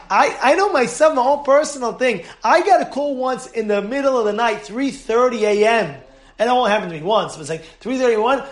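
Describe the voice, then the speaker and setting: A rabbi teaches his congregation in a lively, animated way, laughing often and acting out little scenes. His voice sits very high for a man. The room around him is roomy and echoing. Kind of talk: Torah class.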